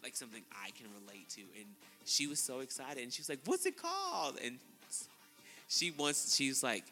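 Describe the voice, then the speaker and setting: A man co-hosting a podcast, telling a story in casual chat, laughing often and acting out quotes in a high voice. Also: moderate pace, bright, forceful tone, long reverb tail, soft background music. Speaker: podcast co-host.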